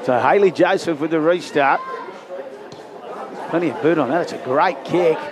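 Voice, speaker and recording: Man calling rugby league over a crowd. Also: normal speed. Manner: lifts pitch and volume in big plays. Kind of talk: live sports commentary. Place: outdoor sports ground. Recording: loud crowd and outdoor noise. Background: crowd and outdoor ambience.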